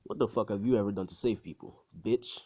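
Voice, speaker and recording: Man playing a cocky teen boy hero, crude, defiant, low voice, dry dead sound. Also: brisk, mellow, no echo, natural voice. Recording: dull, dry lo-fi recording.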